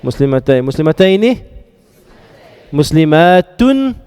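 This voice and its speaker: A man's voice: on the high side, big pitch swings, measured pace, mellow, clear, resonant tone, big-room sound. Joking, quizzing male Arabic teacher. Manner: quizzing students, joking asides. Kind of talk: classroom lecture with drills. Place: classroom.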